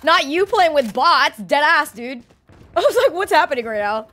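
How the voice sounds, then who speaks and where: A woman streaming a shooter game, talking loudly with a friend, swearing and laughing often. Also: high-pitched, big pitch swings, moderate pace. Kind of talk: casual gaming chat. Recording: game gunfire audible behind voice.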